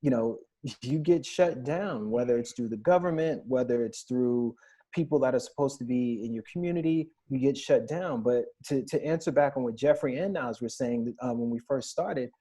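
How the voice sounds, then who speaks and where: A man's voice: medium pitch, moderate pace, warm tone. A man in his thirties on a podcast panel, earnestly recounting personal stories in a candid discussion.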